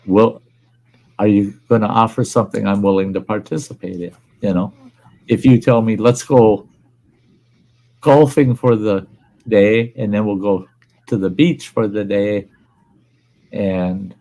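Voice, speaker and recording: Gravelly older man, blunt. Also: on the low side, warm tone, low-quality recording. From Upper Midwest US. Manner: blunt, plainspoken, swears freely. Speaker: livestream host. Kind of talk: casual chat.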